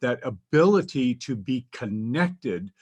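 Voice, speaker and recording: A man co-hosting a spiritual talk radio show, speaking in a calm, reflective, measured way. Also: medium pitch, breathy edge, highs cut off.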